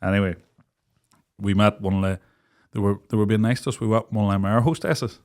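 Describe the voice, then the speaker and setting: A man's voice: fairly low pitch, brisk. A young man, co-hosting a podcast, telling a story in casual chat and acting out the voices of the people in it. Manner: animated storyteller, acts out quoted voices, laughs often. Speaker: podcast co-host.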